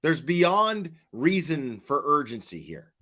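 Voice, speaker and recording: A man's voice: a little high, very animated, bright, forceful tone. Stammering man talking to his stream chat. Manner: halting, stammers and repeats words; questioning, talks to the chat. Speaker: online commentator. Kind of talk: casual livestream commentary.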